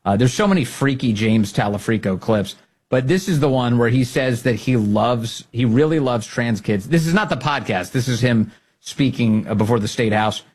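Husky guy ranting on his political podcast, mocking, laughs a lot. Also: medium pitch, normal speed. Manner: mocking, animated, laughs often. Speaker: podcast host. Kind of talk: political commentary.

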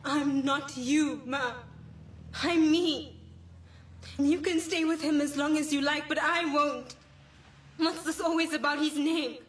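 Brief: a woman playing a tearful, defiant teen girl, high-pitched, distant mic. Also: steady tone, unhurried, long pauses, slight background noise. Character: rebellious teenage daughter, defiant. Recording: echoey room, distant mic, faint music.

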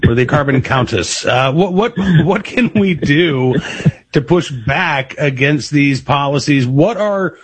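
Male talk radio host, husky voice, halting, wordy questions. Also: on the high side, lively intonation. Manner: halting, repeats words when asking. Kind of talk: radio interview.

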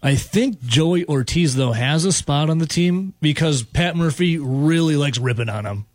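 A sports radio host from the area trades jokes and quick asides with his co-host. His voice sits a bit high. The studio sound is dry and close. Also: a little mellow, dry recording. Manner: joking, teasing, quick asides. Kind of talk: casual sports radio banter. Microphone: studio microphone.

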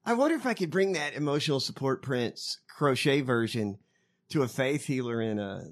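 A man's voice: medium pitch, normal speed. A man co-hosting a podcast, chatting casually and profanely about politics. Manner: animated, profane, laughs often. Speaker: podcast co-host.

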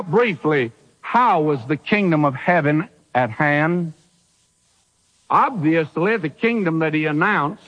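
Male preacher, high and animated, emphatic, rhetorical questions; dull lo-fi radio sound. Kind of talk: sermon.

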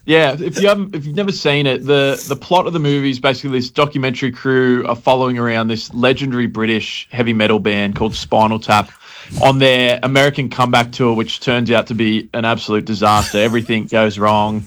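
Man, mid-pitched, explaining a plot, casual. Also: steady tone, brisk, a bit bright. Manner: explains at length with restarts. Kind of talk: casual chat about a film.

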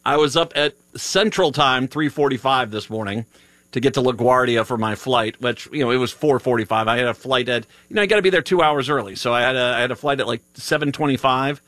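A man's voice: medium pitch, brisk, a bit bright, no echo. A tired man hosting a live radio show, chatting casually and rambling with many restarts. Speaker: radio host. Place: radio studio.

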